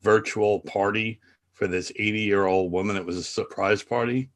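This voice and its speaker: A man co-hosting a radio chat, telling a funny story with animated delivery and acting out the people in it. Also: on the low side, normal speed. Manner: animated, acts out voices in his stories. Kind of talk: comic storytelling.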